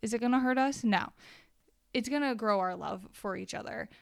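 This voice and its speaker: Earnest young woman with a gravelly edge. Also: fairly high pitch, moderate pace, dry recording, clean studio sound. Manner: earnest, conversational, reads verses aloud. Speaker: Bible study speaker. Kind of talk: casual devotional teaching.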